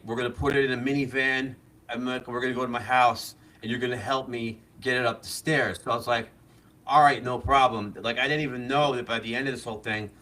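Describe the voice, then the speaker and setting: A man's voice: medium pitch, sharp tone. A man guest on a live show telling a long story in a casual, rambling way, with many fillers and laughs, talking through a mask. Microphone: wearing a mask.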